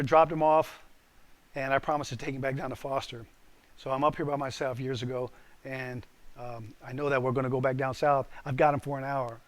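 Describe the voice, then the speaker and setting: A man's voice: mid-range voice, fairly bright tone. A man preaching to a live group as pastor, telling a story with lots of animation, quizzing his listeners and punching out the key lines.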